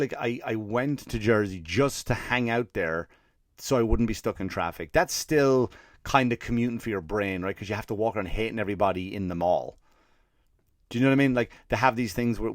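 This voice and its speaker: A man's voice: fairly low pitch, no echo, clean studio sound. An Irish man, a comedian hosting his podcast, tells a comic story in a profane, exasperated rant and acts out the people in it. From Ireland. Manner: profane, exasperated ranting with acted quotes.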